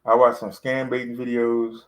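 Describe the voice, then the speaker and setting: A man chats to his camera in a relaxed, rambling way, looping back over his words with plenty of "you know" and "um". His voice sits at an ordinary pitch, and the speech has a lilt. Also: normal speed, poor audio. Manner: rambling, conversational, with fillers and repeats. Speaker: vlogger. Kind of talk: casual talk to camera.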